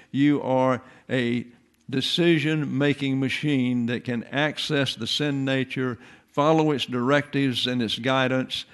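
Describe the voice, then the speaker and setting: An elderly man in his eighties delivers a sermon from the pulpit. He speaks slowly and deliberately, and his teaching is sprinkled with homespun turns of phrase. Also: medium pitch, clear, resonant tone. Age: 80s. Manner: slow, deliberate teaching delivery with folksy asides. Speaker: pastor.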